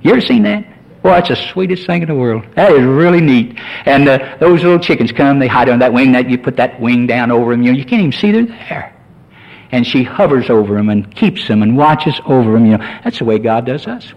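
Man, church pastor, homespun sermon, builds to loud emphasis, radio sound. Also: mid-range voice, expressive, fairly quick, creaky, lo-fi sound. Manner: folksy, rising to emphatic preaching.

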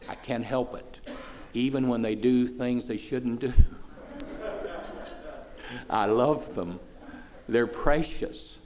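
A man in his sixties, a pastor preaching a sermon in church, folksy and plain-spoken, swelling loud for praise and then dropping low and soft. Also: slow, pauses often, slight background noise. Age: 60s.

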